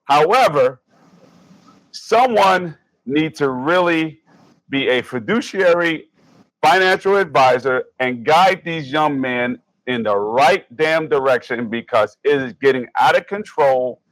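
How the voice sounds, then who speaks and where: A man's voice: on the high side, expressive, takes it slowly, a bit bright, no echo, rough recording. A man in his forties co-hosting a sports podcast, ranting in an angry, profane, emphatic way. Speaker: podcast co-host. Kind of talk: heated sports podcast rant.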